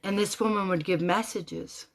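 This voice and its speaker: A woman telling a personal story in a casual, animated way, dropping to hushed whispers and rising to loud exclamations. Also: mid-range voice, moderate pace.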